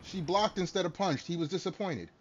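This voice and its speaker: A man's voice: high-pitched, fairly quick. A man streaming a game and chatting casually with his viewers, joking, laughing and swearing freely. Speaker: streamer talking to chat. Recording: dull lo-fi stream audio with faint music.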